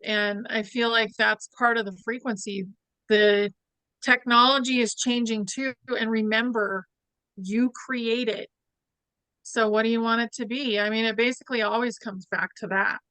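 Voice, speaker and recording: A woman hosting a casual fireside chat, talking in a relaxed, reflective way. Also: a little high, normal speed, clear, resonant tone, no room sound, rough recording. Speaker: host.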